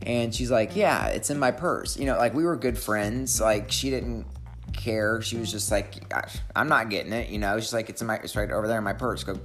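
Woman, casual storyteller, rambling, animated, laughing through it. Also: a bass voice, moderate pace, soft background music. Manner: rambling, animated when acting out scenes, laughing.

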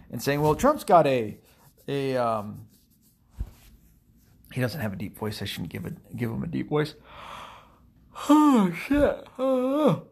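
A man in a mid-range voice rants through casual commentary, swearing freely and leaning on sarcasm. He rambles, restarts and fills gaps with ums and uhs. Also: mid-range voice. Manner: profane, sarcastic, rambling with many fillers. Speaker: political commentator.

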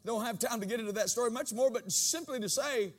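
A pastor with a high voice for a man preaches a sermon at a quick pace. He swings between quiet, low asides and loud, ringing bursts, and changes his voice to act out quoted dialogue.

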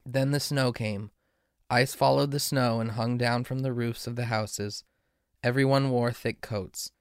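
A man reading a fairy tale aloud in a slow, measured way. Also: mid-range voice, fairly even intonation, smooth, dry recording, clean studio sound. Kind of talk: storybook reading.

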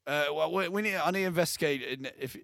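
A young man, co-hosting a casual film podcast, animated and laughing often. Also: on the high side, fast talker, creaky, no room sound, clean studio sound. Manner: animated, laughs often, acts out scenes in funny voices. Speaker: podcast co-host.

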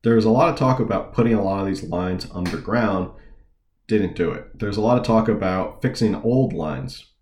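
A man's voice: sits low, moderate pace, darkish tone, roomy sound. A man hosting a political talk show, reading news articles aloud and commenting in an informal, digressive way with sarcastic asides.

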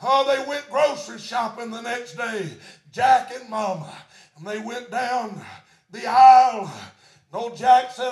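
A pastor with a very high voice tells a story from the pulpit. He shouts his refrains and peppers his sentences with "uh". His voice rings out through a roomy, echoing church. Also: a little slow. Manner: animated preaching, shouting refrains, many "uh" fillers. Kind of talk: storytelling sermon.

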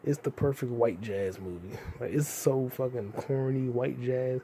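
A young man talking alone into his podcast mic, loose and rambling and full of swearing. His voice is mellow and dark, with a little faint noise underneath. Now and then he breaks into sudden loud, animated outbursts. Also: medium pitch, unhurried. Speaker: podcast host. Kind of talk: solo casual podcast rant.

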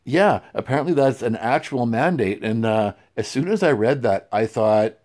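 A man's voice: mid-range voice, lively intonation, normal speed, few pauses, darkish tone. Wry chuckling male radio co-host. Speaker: radio talk show co-host. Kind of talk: casual talk radio banter.

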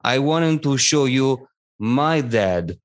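A man voicing an odd, cheerful male necromancy professor who speaks in halting, broken phrases. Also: mid-range voice, animated. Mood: cheery.

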